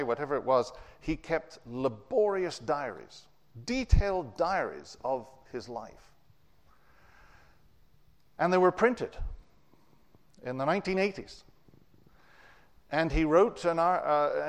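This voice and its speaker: A man preaching a sermon, telling stories with wide swings in pitch and loudness. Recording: long reverb of a large hall.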